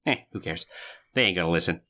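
A man guesting on a podcast, playful and animated, swearing for effect. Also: low voice, fast. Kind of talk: casual podcast chat.

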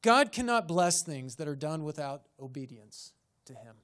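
A man's voice: fairly high pitch, big pitch swings, moderate pace, a bit bright. A man, a pastor, preaching a sermon and pressing his congregation with rhetorical questions and rising emphasis in a church sanctuary.

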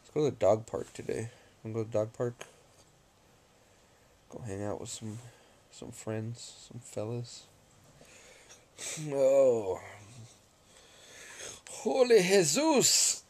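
A young man vlogging casually at home, speaking in a slow, low-key way and talking to his dog. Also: little pitch movement, warm tone. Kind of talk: casual vlog chat. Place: at home indoors.

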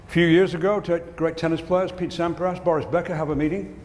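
A keynote speaker at a conference delivers a comic business talk full of jokes and punchlines. His voice is a little high and a little mellow, his tone steady and his pace slightly fast. The hall reverberates with faint ambience, and there's slight hiss or hum.

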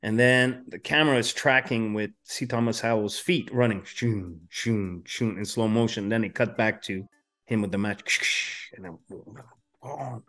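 A man hosting a casual podcast chat, relaxed and profane and enthusiastic about film. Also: fairly low pitch, normal speed. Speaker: podcast host.

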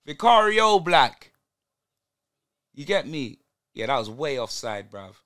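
An excitable young man reacting live to a football match, peppering every line with street slang. His voice sits high and swings widely in pitch. The tone is bright and dry. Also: takes it slowly, no echo. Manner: excitable, slang-heavy banter. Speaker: football fan channel host.

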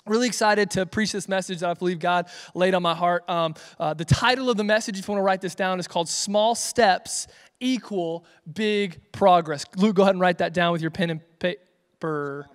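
A man's voice: sits high, fast talker, smooth, long reverb tail. A young man giving a casual, joking youth sermon on a livestream, rambling and correcting himself as he goes. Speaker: youth pastor.

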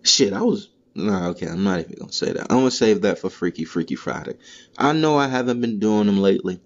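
A man hosting a solo comedy podcast, delivering a profane, animated monologue. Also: lowish voice, fast talker, highs cut off. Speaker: podcast host. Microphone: solo podcast mic.

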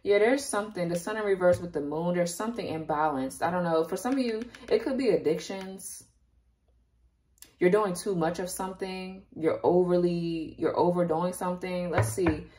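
A woman's voice: fairly low pitch, moderate pace, dark tone. A woman giving a casual tarot reading straight to her viewers, chatty and openly emotional. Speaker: tarot reader.

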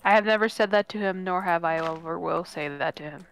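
A woman's voice: fairly low pitch, brisk, fairly bright tone, faint music behind. A woman chatting casually while playing a game with a friend, answering the teasing with dry, sarcastic comebacks. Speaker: co-player on a gaming stream. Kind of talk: casual gaming chat.

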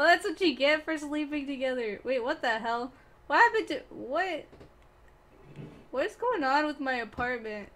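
Young woman gamer, high voice, unhurried, giggly and playful with her crew. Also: fairly bright tone. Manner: giggly, playful, talks to chat and teammates. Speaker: gaming streamer. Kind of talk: casual gameplay commentary.

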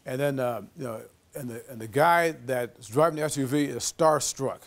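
A man giving a lecture as an animated storyteller, acting out the voices of the people in his anecdote. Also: mid-range voice, moderate pace. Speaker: guest lecturer.

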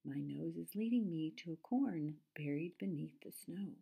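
A woman's voice: low-pitched, animated, moderate pace, vocal fry, dark tone, husky, exaggerated voice. A woman doing a boastful buck. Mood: proud. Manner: boastful and sure of himself. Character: proud strong male buck deer.

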